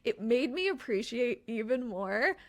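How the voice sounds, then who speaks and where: A woman's voice: a little high, big pitch swings, a little slow. Laughing enthusiastic young woman guest. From Canada. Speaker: podcast guest. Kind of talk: casual podcast chat.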